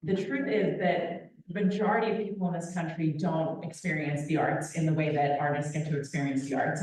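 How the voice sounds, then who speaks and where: A young adult woman, an opera company vice president, giving a lively, playful talk to an audience with a handheld microphone. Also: on the low side. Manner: animated, playful and direct with the crowd. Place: large echoey hall. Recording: very echoey hall, picked up from a distance.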